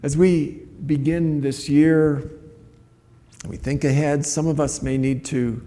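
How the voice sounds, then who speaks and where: A man's voice: a little high, steady tone, slow pace, dark tone, in a large hall. A man preaching a sermon as a pastor, earnest and conversational, often restarting his phrases.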